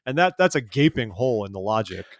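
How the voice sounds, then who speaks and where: A man's voice: on the low side, big pitch swings, quick pace, dry recording, clean studio sound. A man co-hosting a news podcast, talking casually with fillers and restarts. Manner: conversational, hesitant with fillers and restarts. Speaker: podcast co-host.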